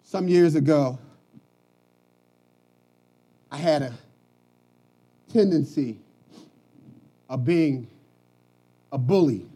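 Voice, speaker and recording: A middle-aged man from Philadelphia preaching a sermon, building to shouted emphasis. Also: fairly high pitch, slow pace.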